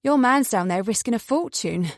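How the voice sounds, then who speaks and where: A woman's voice: a little high, lively intonation, normal speed, dry recording. A woman voicing a cautious young woman new to the card game, asking dry questions. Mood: wary. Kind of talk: audiobook character voice.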